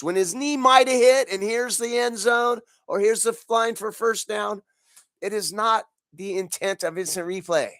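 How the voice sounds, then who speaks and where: Speaking slowly with lively intonation, a man with a high, slightly bright voice hosts a podcast and rants about football. He's congested from allergies, angry, profane and exasperated, laughing in bursts, captured in a dry, clean studio recording.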